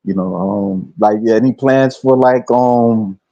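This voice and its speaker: A man interviews a guest in a relaxed, casual chat, stumbling and restarting as he talks. His voice is dark and mellow. The recording is dry and muffled. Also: medium pitch, vocal fry, dry recording. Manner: hesitant, many fillers.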